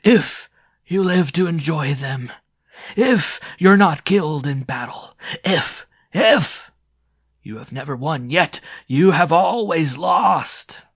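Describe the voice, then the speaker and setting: Male narrator doing a shrill, frail old mentor; high, strident, scolding. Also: lively intonation, slow, fairly bright tone, breathy edge, dry recording, clean studio sound, exaggerated voice.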